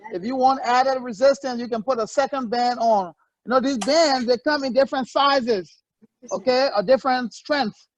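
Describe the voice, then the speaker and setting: A male fitness coach leading a workout, energetic and barking short encouraging commands, on a muffled lo-fi recording. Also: very high-pitched, no room sound.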